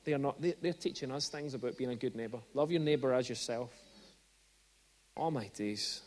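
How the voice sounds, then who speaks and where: A man's voice: medium pitch, normal speed, a little mellow. A man preaching as a guest speaker at a church service, telling stories in a chatty way and building to emphatic peaks. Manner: conversational storytelling, with bursts of rising emphasis. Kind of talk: sermon.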